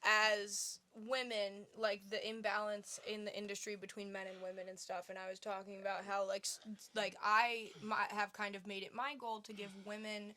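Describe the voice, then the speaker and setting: Her voice is medium-pitched and her pace moderate as this young podcast co-host tells stories in casual conversation. She's an animated storyteller who laughs a lot.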